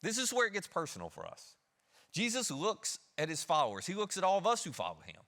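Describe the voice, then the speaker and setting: A man's voice: high-pitched, huge pitch swings, fairly quick, sharp tone. A male pastor preaching a sermon, telling a story conversationally, acting out the characters and putting questions to the congregation. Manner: conversational, asks the audience questions.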